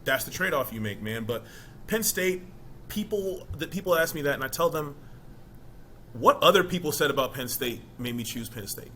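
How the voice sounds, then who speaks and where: Man guest, interview, bright forward voice, emphatic and chatty, faint hiss behind. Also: mid-range voice, expressive, normal speed. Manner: conversational, emphatic, asks "you know what I mean?". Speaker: interview guest, former college football player. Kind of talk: casual interview talk.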